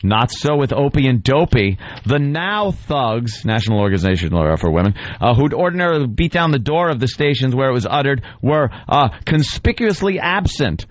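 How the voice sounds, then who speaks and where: Sarcastically reading a blog on air, this male radio co-host mocks the text with big pitch swings at normal speed, barely pausing. His medium-pitched voice comes through on a dry, muffled recording.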